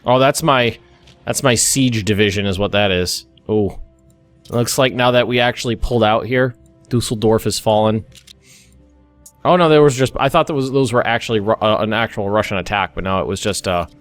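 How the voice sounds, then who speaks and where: With faint music playing behind him, a young American man narrates a let's play of a strategy game, musing aloud casually, restarting often and drifting into asides. He speaks at a moderate pace in a voice on the low side.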